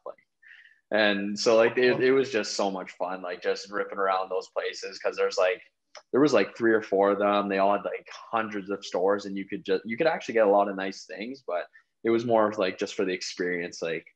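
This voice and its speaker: Deep-voiced rambling young man. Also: steady tone, fairly quick, muffled recording. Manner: rambling, heavy on "like" fillers. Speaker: guest, pro hockey player. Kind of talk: casual interview chat. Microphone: remote call.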